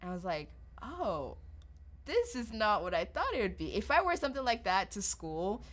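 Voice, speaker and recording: A young woman from Nigeria, now speaking, hosting a casual chat and telling lively stories in which she acts out quoted voices. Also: medium pitch, normal speed. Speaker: podcast host.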